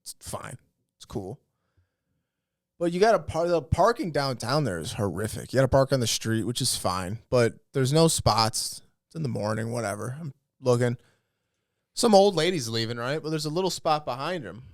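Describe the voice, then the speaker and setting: A man's voice: mid-range voice, expressive, brisk, dry recording, studio quality. A man co-hosting a comedy podcast, telling profane, ranting stories in casual chat. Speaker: podcast co-host.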